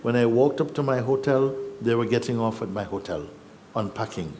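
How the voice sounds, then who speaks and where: A man giving a spiritual talk, telling a personal story in an unhurried, reflective way with soft laughs and hesitations. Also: mid-range voice, slight background noise. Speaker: spiritual teacher. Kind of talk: satsang storytelling. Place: satsang gathering in Rishikesh.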